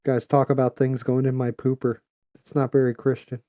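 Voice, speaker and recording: A man's voice: medium pitch, monotone, moderate pace, dark tone, no room sound, voice pushed up, natural voice. A man doing a whiny prim Englishman. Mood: aggrieved.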